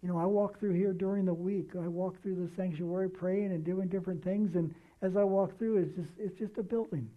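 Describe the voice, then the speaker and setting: A man's voice: sits high, little pitch movement, brisk, few pauses. A man preaching a sermon as pastor, earnest, repeating key phrases for emphasis. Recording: tinny phone-like sound.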